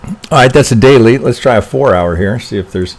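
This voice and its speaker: A man's voice: medium pitch, a little fast. Rambling man talking through charts. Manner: rambling, self-interrupting, frequent "right?" tags and mild swearing. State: congested with allergies. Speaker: trading educator reviewing charts. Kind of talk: casual live-stream chart review.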